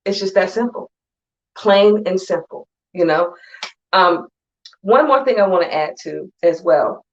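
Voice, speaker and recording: A woman's voice: fairly low pitch, highs cut off. A woman speaker giving a conversational, emphatic motivational talk to an online audience. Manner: conversational and emphatic, acting out friends in quick asides. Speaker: conference speaker.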